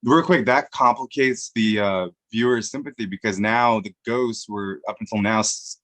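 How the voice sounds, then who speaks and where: Interviewer man, low voice, dry sound. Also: moderate pace, fairly bright tone, dry recording. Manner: short backchannels and brief eager interjections. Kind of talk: casual interview chat.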